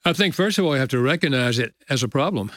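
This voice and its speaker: An older man, a guest author, telling a personal story in an earnest, gentle way with frequent soft chuckles. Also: mid-range voice, lively intonation, quick pace, dry recording. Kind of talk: reflective storytelling interview.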